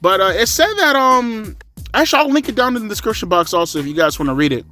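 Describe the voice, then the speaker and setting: A man's voice: high voice, lively intonation, fast talker, sharp tone, soft background music. A man giving a blunt, rambling spoken review, a bit tired and short of breath. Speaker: wrestling commentary vlogger.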